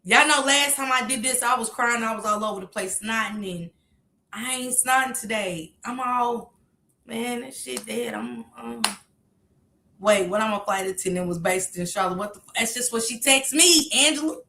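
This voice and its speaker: A woman streamer in a heated, profane, casual rant to her viewers, breaking into shouts. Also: on the high side, normal speed, gravelly, reverberant, a little hiss or hum.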